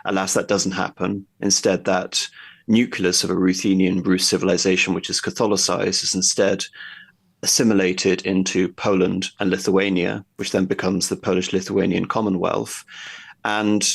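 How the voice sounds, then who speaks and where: A man's voice: low-pitched, little pitch movement, moderate pace, vocal fry, husky. A man talking at length as a guest in a history conversation, explaining in a discursive, lecturing way and thinking aloud as he goes.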